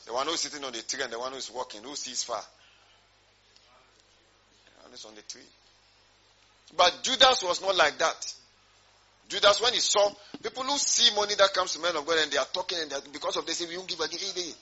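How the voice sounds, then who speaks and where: A man's voice: fairly high pitch, brisk, pauses often, pushed and bright, husky. A man preaching a sermon to his congregation, often asking emphatic rhetorical questions. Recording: dull lo-fi sermon recording.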